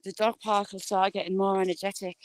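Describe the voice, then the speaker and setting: A woman's voice: mid-range voice, little pitch movement, brisk, no room sound, rough recording. Woman, casual walking live-streamer, mid-range voice, friendly patter to viewers. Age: adult with a school-age child. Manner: chatty, greets viewers by name.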